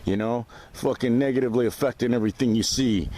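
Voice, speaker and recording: A man's voice: on the low side, quick pace, hardly any pauses, a little mellow, slight background noise. A man ranting to camera in a vlog, rambling, profane and agitated. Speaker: vlogger. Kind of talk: casual rant to camera.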